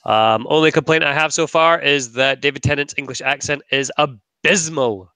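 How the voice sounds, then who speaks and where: A man's voice: on the high side, normal speed, bright, forceful tone, clean tone, no room sound. A man co-hosting a casual podcast over a headset, laid-back and a little dismissive, with lots of ums. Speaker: podcast co-host. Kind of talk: casual chat.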